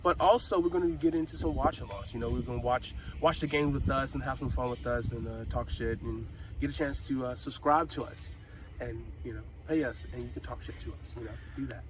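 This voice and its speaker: A man hosting a casual sports talk stream, his voice hoarse, talking in a loose, hyped-up, chatty way. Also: mid-range voice, brisk, echoey room, recorded from a distance, noisy background. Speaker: host.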